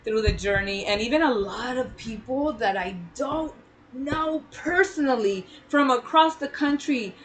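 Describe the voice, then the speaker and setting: A woman's voice: a little high, unhurried, poor audio. A woman co-hosting a casual chat, telling her own story with feeling and animation. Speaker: podcast co-host.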